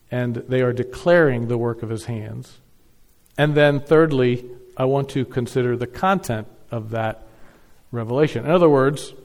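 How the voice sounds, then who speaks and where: A pastor giving a Sunday morning sermon, stressing key words with repetition and swinging between loud and soft delivery. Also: male voice, medium pitch, in a large hall. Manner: emphatic, repeats key words, varies loudness widely.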